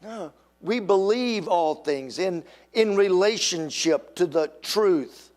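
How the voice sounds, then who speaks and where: Delivering a sermon, an older man speaks with slow, emphatic force. He animates his preaching by voicing the people he quotes, his pitch leaping abruptly.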